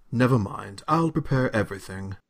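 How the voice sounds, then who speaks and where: A man voicing a stern, condescending male butler in a deliberately bad British accent, reading from a game script. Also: on the low side, breathy edge, heavily acted. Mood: scolding. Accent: bad put-on British. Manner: curt, scolding, condescending. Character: stern prim male butler, former noble.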